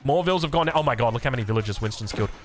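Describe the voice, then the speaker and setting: An Australian man giving energetic, jokey commentary on a strategy game match. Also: mid-range voice, very fast, slight background noise. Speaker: game caster. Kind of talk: excited esports commentary.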